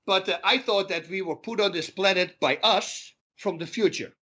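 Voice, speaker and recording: A middle-aged man speaks as a podcast guest with a forceful, bright tone that sits a little high for a man. He tells his stories in an animated way and slips into the voices of the people in them. The recording is dull and lo-fi. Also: normal speed. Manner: animated storyteller who acts out dialogue. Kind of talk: storytelling interview talk.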